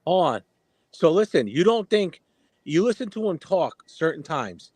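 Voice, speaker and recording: Lively, high-voiced male live-stream host. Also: a little slow, slightly rough, no echo. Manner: interjecting, pushing back with questions. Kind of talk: casual live-stream chat.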